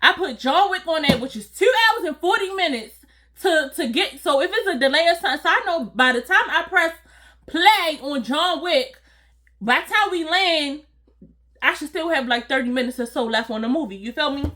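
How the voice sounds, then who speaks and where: A woman telling a casual, animated storytime to her viewers, acting out voices and laughing along. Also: high-pitched, normal speed. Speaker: storytime vlogger.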